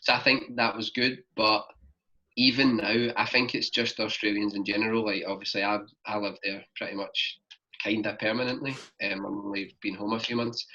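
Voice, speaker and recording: On a dull, lo-fi podcast recording, a young Scottish man with a Glasgow accent tells travel stories as a guest. His voice is lowish and flat at a normal speed, pushed and bright, and his rambling talk is peppered with "like."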